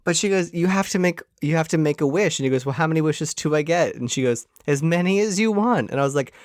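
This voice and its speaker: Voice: medium pitch, lively intonation, fast, a little mellow, dry recording. A podcast co-host in casual chat about a movie, retelling scenes with dry jokes. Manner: dry joking, retells scenes with quoted lines.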